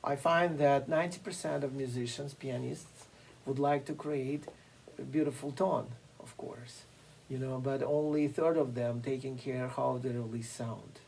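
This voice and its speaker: A piano teacher giving a masterclass lecture, explaining slowly and deliberately with frequent fillers and pauses. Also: medium pitch, fairly even intonation, creaky, darkish tone, slight background noise, low-quality recording. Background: occasional piano playing.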